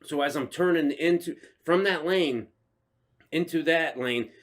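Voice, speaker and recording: A young man casually telling a story on a podcast, swearing constantly and bursting into shouted insults as he acts out the other driver. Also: on the high side, measured pace. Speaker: podcast co-host.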